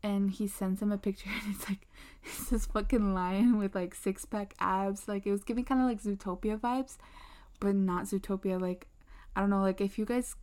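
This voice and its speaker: A young woman talks in a loose, rambling way. She leans on fillers and restarts as she tells a story at her desk. Her voice sits at an average pitch. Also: steady tone, moderate pace, darkish tone. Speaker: podcast host. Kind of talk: casual chat. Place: indoors at a desk.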